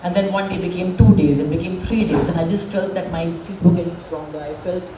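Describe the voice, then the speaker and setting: A woman's voice: lowish voice, steady tone, fairly quick, far from the mic, background noise. Frank woman speaking in an echoey hall. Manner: candid, frank and emotional. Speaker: speaker at a public event. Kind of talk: emotional personal speech. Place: event hall with a stage.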